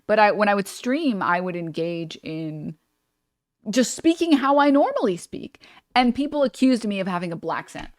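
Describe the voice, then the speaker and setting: A woman's voice: mid-range voice, normal speed, no echo. Woman streamer, blunt and swear-happy. Dry close sound. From New York. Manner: blunt, animated, swears freely. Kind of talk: casual reaction stream chat.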